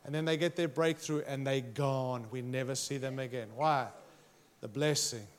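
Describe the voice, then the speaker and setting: A man's voice: medium pitch, steady tone, moderate pace. A man preaching a sermon, emphatic and passionate, challenging his listeners directly. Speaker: pastor.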